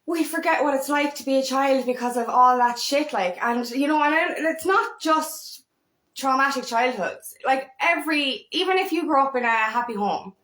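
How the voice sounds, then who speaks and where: High-voiced woman, echoey room. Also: moderate pace. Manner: rambling, animated, frequent swearing. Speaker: feminine empowerment coach. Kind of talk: casual monologue.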